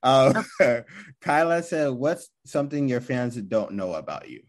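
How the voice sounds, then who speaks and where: A man's voice: medium pitch, very animated, unhurried. A man hosting a podcast interview, asking loose questions full of fillers. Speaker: podcast host. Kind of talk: casual interview.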